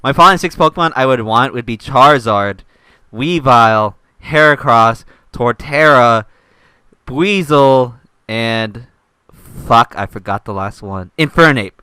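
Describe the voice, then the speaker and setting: Young guy host, bright clear voice, really bouncy, dry close mic. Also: mid-range voice, unhurried, dry recording. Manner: laughing, animated storytelling. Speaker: channel host. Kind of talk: casual chat.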